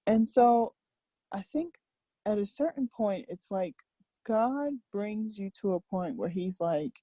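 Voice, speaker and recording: A woman's voice: mid-range voice, animated, slow pace, dark tone, dry recording, highs cut off. A woman guest speaking frankly and earnestly in a candid podcast conversation. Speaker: interview guest.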